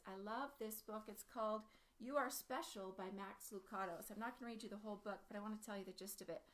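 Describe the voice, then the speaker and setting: Earnest woman vlogger, high voice, heartfelt storytelling. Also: a bit bright. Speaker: parent vlogger. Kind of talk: storytelling vlog.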